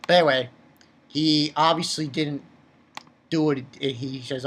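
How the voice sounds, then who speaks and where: A man giving a casual, rambling review of a comic chapter, talking excitably and jumping up in pitch when he gets worked up. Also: normal speed. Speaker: manga reviewer.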